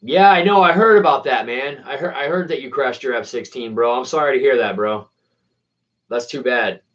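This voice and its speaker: A hobbyist running a relaxed RC plane channel answers his viewers in laid-back slang, his mid-range voice slightly bright and moving at a moderate pace. Sound quality is lo-fi, dull, and distant.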